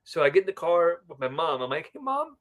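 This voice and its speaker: A man's voice: a little high, fast, fairly bright tone. A man, a podcast guest, telling a personal story in a casual, rambling way, often checking in with a "right?". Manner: often ends remarks with a questioning "right?"; chatty, rambling with asides.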